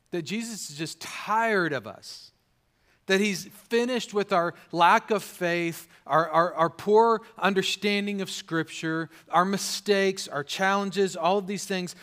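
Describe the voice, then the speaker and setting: A man's voice: high voice, a bit bright. A man preaching a sermon as pastor, in a conversational way with many fillers and tag questions.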